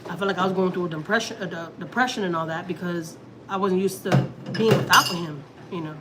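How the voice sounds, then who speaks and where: A woman's voice: lowish voice, a little fast, heavy background noise. Chatty woman vlogger from Texas. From Houston, Texas. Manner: rambling and emotional, many restarts and "like"s. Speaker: family vlogger. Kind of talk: casual personal chat.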